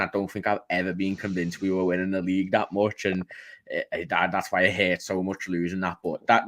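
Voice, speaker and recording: A man from hosts a relaxed football podcast in a low, deep voice. He runs the conversation by putting each guest on the spot with a question. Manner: leads the discussion, hands questions to each guest. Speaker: podcast host. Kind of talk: casual football podcast chat.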